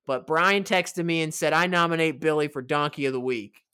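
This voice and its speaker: A man's voice: a little high, normal speed, bright, forceful tone, clean tone. A man hosting a casual podcast, telling stories in a playful, hyped way. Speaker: podcast host.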